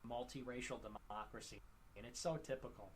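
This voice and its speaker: A man rambling through a monologue, halting with fillers and restarts. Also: mid-range voice, fairly even intonation, slightly rough. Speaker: livestream commentator.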